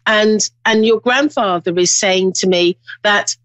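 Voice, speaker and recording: A woman hosting a call-in show as a medium, mid-pitched and dry-sounding. She talks in a rambling, reflective way, restarting her sentences often. With callers she turns gentle and reassuring. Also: a little slow, no echo. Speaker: psychic medium and host.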